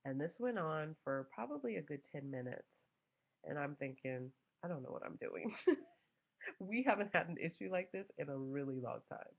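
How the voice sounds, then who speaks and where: Young mom vlogger, gravelly voice, lively storytelling, dull lo-fi recording. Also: female voice, low-pitched, moderate pace. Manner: animated, acts out quoted voices. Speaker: mother vlogger. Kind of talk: casual storytelling to camera.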